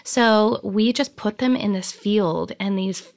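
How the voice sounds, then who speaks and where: A woman's voice: medium pitch, takes it slowly, gravelly, dry recording. A woman in her thirties, a wedding photographer, chatting enthusiastically in an interview with lots of ums and likes. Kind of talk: casual interview chat.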